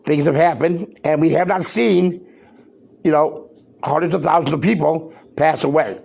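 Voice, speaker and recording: At a moderate pace, a man hosting a podcast rants loudly, his slightly high voice showing vocal fry and some roughness. His commentary is worked up and emphatic, peppered with rhetorical questions.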